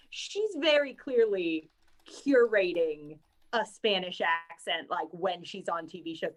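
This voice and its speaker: A woman co-hosting a casual podcast reads out news items and chats with amusement, laughing often. Her voice is mid-range and her pace moderate.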